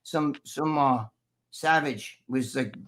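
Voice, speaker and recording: A man's voice: medium pitch, slow pace, a bit bright. A man with a New Jersey accent, co-hosting a live stream and telling rambling, profane stories in casual chat. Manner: profane, rambling storyteller who acts out other people's voices. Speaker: co-host of a live stream talk show.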